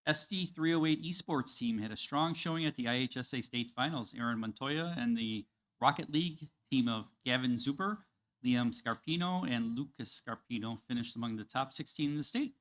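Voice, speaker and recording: A board member reading an announcement and chiming in with quick reactions at a meeting. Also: medium pitch, fairly bright tone.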